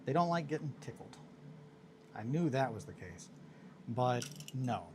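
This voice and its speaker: A man's voice: mid-range voice, lively intonation, measured pace, background noise. A man chatting casually on a hobby stream in a rambling, self-amused way while he works on miniatures.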